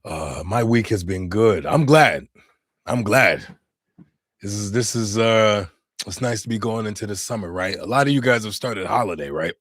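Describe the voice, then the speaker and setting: A man with a fairly low voice hosts a casual livestream, chatting and reacting to his viewers. The sound is dry and close, with no room echo. He talks in an animated, easygoing way and exclaims often. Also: normal speed. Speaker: livestream host. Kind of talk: casual chat reading live chat. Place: home in Finland.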